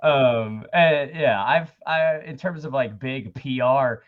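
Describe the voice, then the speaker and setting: An American man talks bluntly and casually as a podcast guest, swearing freely and poking fun at himself. His voice sits at an ordinary middle pitch for a man. The sound comes through a little dull and lo-fi, like a remote call. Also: slow pace. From United States. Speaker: guest, MMA commentator.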